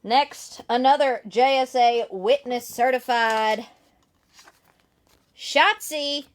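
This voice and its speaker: A woman's voice: a little high, takes it slowly. A woman hosting a live sales stream, bubbly and teasing, laughing often. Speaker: host selling signed merchandise.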